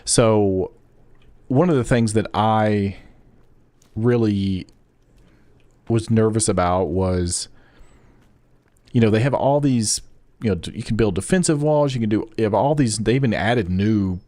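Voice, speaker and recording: Man, young adult, game streamer, rambling casual chat, low voice, dry close sound. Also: unhurried, long pauses, mellow, dry recording. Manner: rambling, chatty, talks to viewers by name. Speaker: gaming streamer.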